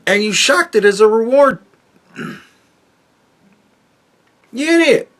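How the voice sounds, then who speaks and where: A man's voice: sits high, measured pace, fairly bright tone. Swearing man ranting on a podcast. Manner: crude, heavy swearing, mocking. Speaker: podcast host reacting to a clip. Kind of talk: profane ranting commentary.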